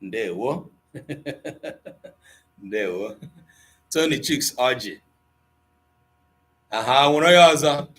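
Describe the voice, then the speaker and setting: A man with an Igbo accent runs a live online class, switching between English and Igbo as he reads out viewer comments. His manner is playful, with frequent chuckles and gentle teasing of his students. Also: mid-range voice, animated, slow, long pauses. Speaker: Igbo language teacher.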